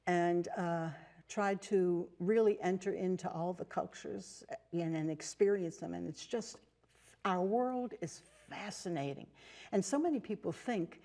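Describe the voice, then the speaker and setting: Slightly slow and low-voiced, an older American woman appears as a TV interview guest in the studio; she's a nun and teacher. Her casual storytelling is warm, peppered with fillers and restarted sentences.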